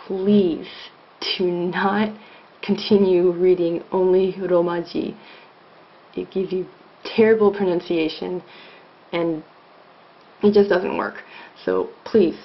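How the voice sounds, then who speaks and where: A woman's voice: on the low side, steady tone, takes it slowly, long pauses. A woman giving a casual video lesson, explaining with many ums and restarts, recorded as a dull lo-fi home video. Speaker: language teacher.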